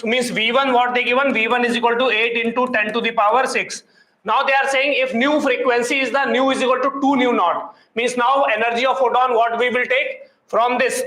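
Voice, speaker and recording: A very high-pitched, sharp-toned man teaches physics in class, going step by step and firing questions at his students throughout. The low-quality recording sounds roomy.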